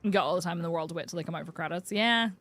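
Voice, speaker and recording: A woman's voice: lowish voice, very fast, a bit bright, slight background noise. A woman live-streaming a video game, chatting casually and reading out chat messages with frequent laughs. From United Kingdom. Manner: chatty, giggly, reads chat aloud.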